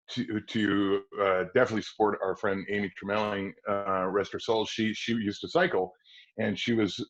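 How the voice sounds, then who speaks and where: A man in his forties from Wisconsin, guesting on a podcast and telling a long anecdote, acting out the voices of the people in it. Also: fairly low pitch. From Kenosha, Wisconsin. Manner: lively raconteur who acts out quoted voices and laughs often. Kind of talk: anecdotal storytelling. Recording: dull lo-fi podcast audio.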